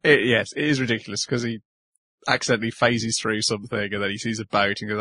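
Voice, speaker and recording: Bright-voiced man recapping an anime episode. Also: on the low side, steady tone, quick pace, no echo. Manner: laughing, recaps episode plot. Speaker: podcast host. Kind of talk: casual anime podcast chat.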